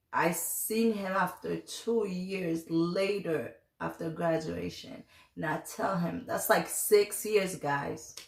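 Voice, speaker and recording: A woman's voice: on the low side, gravelly. A woman in her twenties, from the United States, telling a personal story to camera in a chatty, confiding, rambling way with lots of fillers. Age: 20s. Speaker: vlogger. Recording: echoey room.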